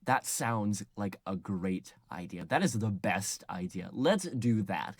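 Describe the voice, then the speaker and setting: A man putting on a brooding, vengeful male barber with a slow, deadpan delivery. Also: lowish voice, dry recording, clean studio sound, exaggerated voice.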